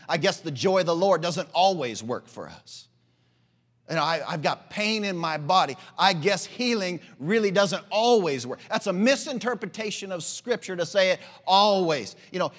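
A man preaches with fervent, emphatic conviction, pressing his points and calling for amens. His voice sits somewhat high, and a long reverb trails behind it. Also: a bit bright. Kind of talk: sermon.

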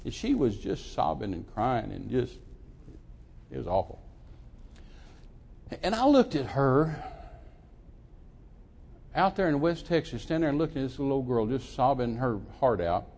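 A man in his sixties preaching a sermon, telling a story dramatically and swinging from hushed to loud, emphatic delivery. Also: medium pitch, sing-song, moderate pace, vocal fry, pauses often. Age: 60s.

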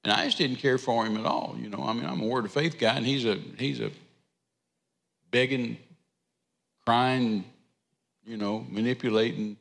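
A man's voice: medium pitch, normal speed, vocal fry, pauses often, long reverb tail. A man preaching a sermon, telling a rambling folksy story with self-deprecating humor. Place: church sanctuary.

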